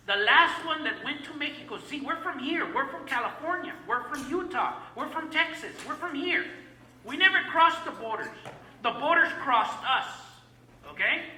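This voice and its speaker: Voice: sits high, lively intonation, normal speed, pushed and bright, echoey room, recorded from a distance, slight background noise, poor audio. A teacher giving an emphatic classroom lecture, repeating key words and having the class call back phrases.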